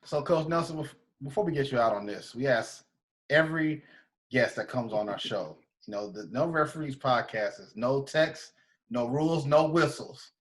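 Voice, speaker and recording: A man hosting a casual podcast interview, talking in a friendly, relaxed way and sometimes repeating words. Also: medium pitch, normal speed. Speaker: podcast host.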